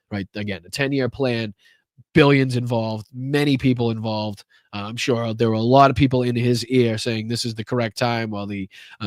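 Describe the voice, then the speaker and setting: A man's voice: medium pitch, no room sound, clean studio sound. A man hosting a live political stream, chatting loosely, swearing freely and thanking viewers one by one with lots of "uh" and "um". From Boston area. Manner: loose and profane, many fillers, warmly thanking viewers. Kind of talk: casual live-stream chat reading donations.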